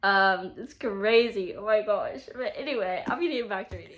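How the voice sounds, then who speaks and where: A young woman vlogging about a book series she is reading. She talks casually and emotionally, full of fillers. Her voice sits at an ordinary middle pitch for a woman. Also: normal speed, hardly any pauses, slight background noise. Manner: chatty and emotional, frequent fillers. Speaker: book reviewer.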